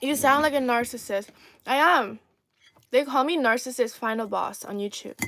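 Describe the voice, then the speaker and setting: Young woman, China-born live-stream host, raised pitch, cheeky and playful, chatting over her meal on a phone mic. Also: normal speed, a bit bright, a little hiss or hum. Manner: sassy, playful, teasing, laughs often. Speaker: livestream host. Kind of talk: casual live-stream chat while eating.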